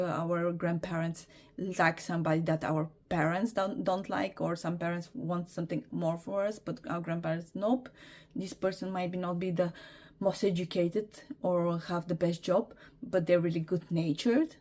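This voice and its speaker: A young woman reads tarot in a loose, halting way, circling back with fillers and frequent apologies. Her voice sits a touch low for a woman. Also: fairly even intonation, darkish tone. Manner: hesitant, apologetic, many fillers. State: emotional, teary. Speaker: tarot reader. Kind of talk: casual tarot reading.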